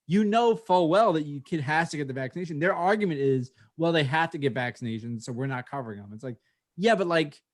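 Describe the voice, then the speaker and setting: A man co-hosting a podcast, telling a story in casual chat with lots of swearing and animated delivery. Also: a little high. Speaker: podcast co-host.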